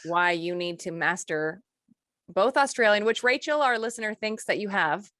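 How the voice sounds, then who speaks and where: A woman co-hosting a casual chat show, steering the talk with quick asides. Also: medium pitch, animated, fairly bright tone, no room sound, clean studio sound. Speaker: co-host.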